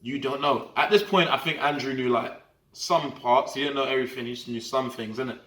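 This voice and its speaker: A young man telling a story in an animated, slangy way, often checking that the listener follows him. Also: medium pitch, brisk, echoey room. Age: young adult. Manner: animated slangy storytelling, often asking the viewer "do you get what I'm trying to say". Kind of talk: casual storytime vlog.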